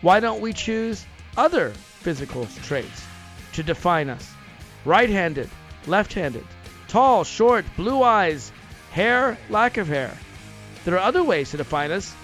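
A man's voice: high voice, fairly bright tone. A man from Tennessee hosting a radio talk show, arguing his point with rhetorical questions and emphatic rises. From Nashville, Tennessee, US. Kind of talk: opinion talk radio monologue.

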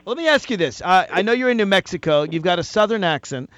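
Male talk radio host, pushy and quick to interrupt, voice a touch high, dull dry studio sound. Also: expressive, fairly bright tone, dry recording. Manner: brisk, insistent, interrupts to make his point. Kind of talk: political call-in talk.

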